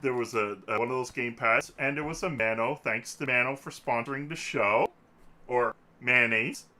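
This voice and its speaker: A man's voice: medium pitch, normal speed, pushed and bright. A man hosting a casual podcast, joking and rambling, laughing often, talking into a desk microphone. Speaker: podcast host.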